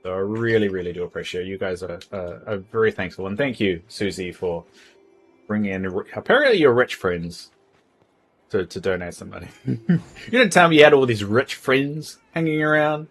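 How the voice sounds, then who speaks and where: A man's voice: on the low side, expressive, moderate pace, fairly bright tone, breathy edge. A man chatting casually on a livestream from home, rambling and tripping over his words as he reads out donations. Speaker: streamer. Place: home, indoors.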